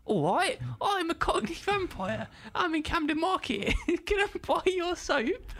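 A man doing a squeaky Cockney vampire. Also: very animated, a little slow, a bit bright, heavily acted. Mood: goofy. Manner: high squeaky put-on voice, drawn out. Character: squeaky-voiced male Cockney vampire shopper.

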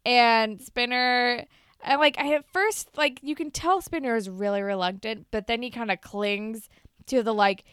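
Young woman podcast cohost, higher smooth voice, swears a lot while recapping, dry close mic. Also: measured pace, no echo. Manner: animated retelling with quoted voices and swearing. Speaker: podcast co-host. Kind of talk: casual recap chat.

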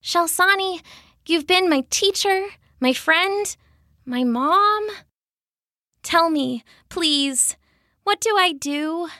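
A tearful young apprentice girl, as a woman storyteller puts her on, begging for guidance in a hushed, shaky voice. It sits well above the narrator's usual pitch, bright and close in a dry recording. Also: expressive, drawn-out words, pauses often, dry recording, full character voice. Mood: tearful pleading. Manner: whispering through tears, pleading. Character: grieving young female druid apprentice, tearful and pleading.

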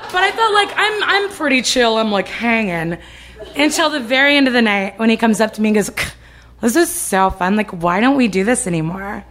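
A young woman telling a comic personal story live on stage, animated and given to loud ranting retellings. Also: high voice, noisy background. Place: live stage before an audience. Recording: live show with a laughing crowd.

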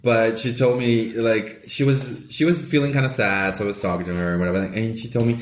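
A man's voice: fairly low pitch, fairly quick. A young man, co-hosting a podcast in casual chat, rambling with fillers and restarts. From Mexico. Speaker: podcast co-host. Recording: roomy echo.

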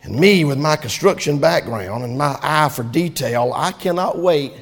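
A man preaching a fervent sermon in a church, swinging from loud to soft. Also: a little high, expressive, normal speed. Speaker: pastor. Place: church sanctuary. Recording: long church reverb.

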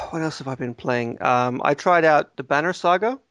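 A man's voice: a little high, moderate pace, a bit bright, smooth, dry recording, studio quality. A man co-hosting a gaming podcast, chatting in a jokey, rambling way with lots of fillers. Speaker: subreddit moderator and co-host. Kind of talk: casual podcast chat.

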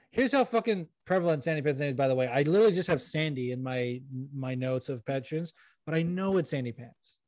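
A man's voice: fairly high pitch, lively intonation, normal speed, a little mellow, no echo. A young man hosting a podcast in casual chat, rambling and self-deprecating, swearing now and then. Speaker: podcast host.

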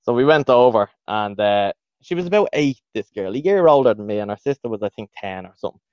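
Irish podcast co-host, thirties, casual storyteller, dry slightly muffled mic. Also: male voice, lowish voice, quick pace, dry recording. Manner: animated, laughing, slips into voices of others.

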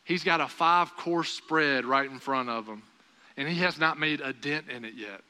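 A young man preaching a sermon, telling a story with animated storytelling and raised voices for the dialogue. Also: fairly high pitch, moderate pace, smooth. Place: church sanctuary. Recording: long hall reverb.

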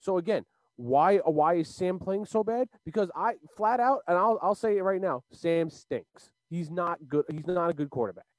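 A man's voice: high-pitched, animated, moderate pace, few pauses, a little mellow, no echo, rough recording. A man co-hosting a sports podcast, giving blunt, emphatic opinions in casual talk.

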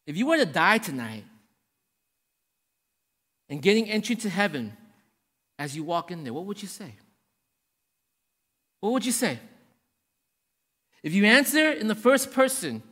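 A man preaching a sermon to his congregation, swinging between hushed and raised passages and often checking in with the room. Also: fairly high pitch, sing-song, a little slow, long pauses. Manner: addresses the congregation directly, checking in with "right?". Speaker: pastor. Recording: long hall reverb.

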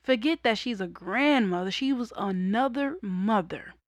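A young woman candidly telling a personal story in a casual monologue, raw and conversational, breaking into loud laughter. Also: mid-range voice, a little slow, dry recording, studio quality. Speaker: vlogger.

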